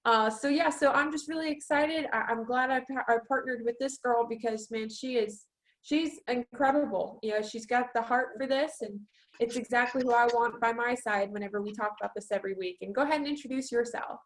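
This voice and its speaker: A woman with a bright, high voice opens a webinar from her own home. She talks with chatty enthusiasm and a casual tone. The sound comes through a video call. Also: brisk, rough recording. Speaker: webinar co-host. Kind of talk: casual presentation.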